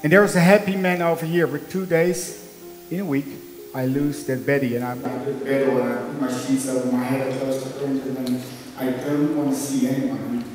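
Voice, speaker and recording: A man's voice: mid-range voice, darkish tone, long reverb tail, rough recording. Dutch man giving an earnest talk. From Netherlands. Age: 30s. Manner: earnest, emphatic, storytelling with small slips in English. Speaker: conference speaker. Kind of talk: motivational talk. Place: conference hall.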